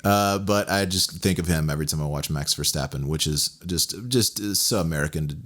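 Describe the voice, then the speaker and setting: A young man from Texas with a very low voice talks loosely on a podcast. He rambles through fillers, breaks into laughs and jumps up in pitch as he gets animated. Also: fairly quick. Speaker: podcast co-host. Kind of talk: casual chat.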